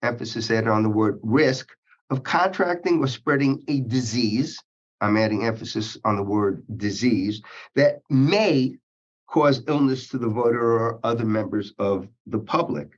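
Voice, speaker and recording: A man as an interview guest, speaking in measured legal phrasing, halting often with uhs and restarts. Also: lowish voice. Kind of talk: policy interview. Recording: dull lo-fi sound.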